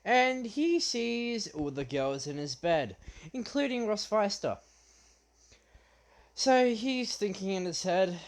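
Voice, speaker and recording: A young man retelling his fan story off the cuff, halting often with fillers and restarts. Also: high-pitched, very animated.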